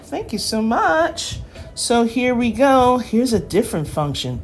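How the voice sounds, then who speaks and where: A woman's voice: fairly high pitch, sing-song, measured pace, slight background noise. A woman in her forties tutoring math in a casual live-stream lesson, chatty and joking, laughing often.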